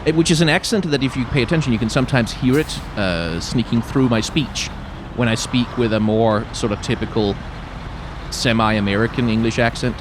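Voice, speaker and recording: A man's voice: mid-range voice, normal speed, noisy background. A man with a light Danish accent giving casual gameplay commentary, thinking aloud and reading tutorial text as he goes. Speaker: YouTuber playing a driving game.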